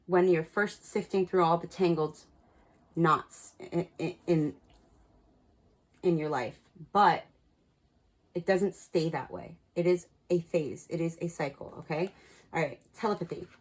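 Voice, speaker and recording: A tarot card reader speaks to camera in a woman's voice on the low side, reading cards and offering her viewers blunt spiritual advice. She talks at a measured pace with frequent pauses, swears freely, and repeats words for emphasis. The recording is rough.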